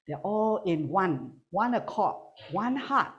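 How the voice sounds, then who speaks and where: A woman preaching a sermon to a congregation, animated and teasing, swinging between loud calls and quiet asides. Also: medium pitch, slow, dull audio. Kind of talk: sermon with humor. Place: church hall with online congregation.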